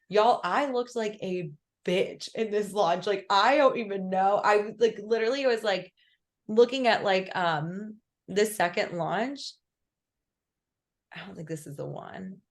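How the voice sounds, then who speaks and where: A young woman coaching a client on a call, chatty and full of fillers. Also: mid-range voice. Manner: chatty, filler-heavy, lots of "like". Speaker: business coach.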